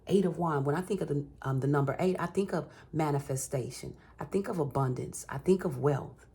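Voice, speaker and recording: A woman's voice: sits low, fairly quick, mellow, husky. A woman giving an encouraging collective tarot reading, repeating phrases for emphasis and calling the listener baby and honey. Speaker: tarot reader.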